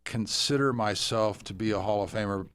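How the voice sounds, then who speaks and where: An older man, a former ballplayer, talking as a radio guest in a measured, halting way. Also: on the low side, a bit bright, smooth. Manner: measured, halting, many restarts. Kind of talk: casual interview talk.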